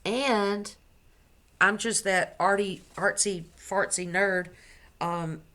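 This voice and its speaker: A woman's voice: medium pitch, fairly even intonation, takes it slowly, fairly bright tone. A woman crochet vlogger chatting casually to the camera at home, gushing as she shows off her gifts and correcting herself as she goes. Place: at home indoors.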